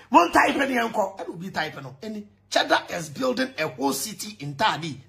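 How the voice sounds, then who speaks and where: A man with a Ghanaian accent giving an animated political rant, shouting and laughing as he mixes English with Twi. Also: high-pitched, a little fast, vocal fry, hardly any pauses. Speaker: commentator.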